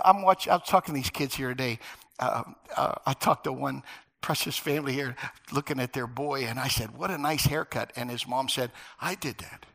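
A middle-aged or older man preaching a sermon, telling stories in an animated way that swings from loud emphasis to near-whispers. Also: mid-range voice, creaky, slightly rough. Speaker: pastor.

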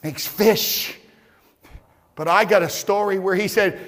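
A man delivers a sermon from the pulpit of his church, his voice high and bright. He presses his points with shouts and repeated words. A long reverb from the hall follows every line. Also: normal speed. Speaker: pastor.

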